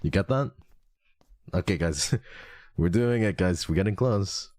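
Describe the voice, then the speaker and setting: A man's voice: deep voice, unhurried, a little mellow, no room sound. A man streaming a horror game, talking to his chat in a playful way and hamming up exaggerated scared moans, whimpers and gasps. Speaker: VTuber streamer.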